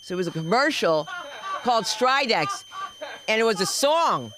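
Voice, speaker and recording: Animated woman comic, wildly swooping voice. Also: a little high, normal speed, rough recording. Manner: animated, swooping delivery with shouted sound effects. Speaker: stand-up comedian. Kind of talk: stand-up comedy storytelling. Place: comedy club stage.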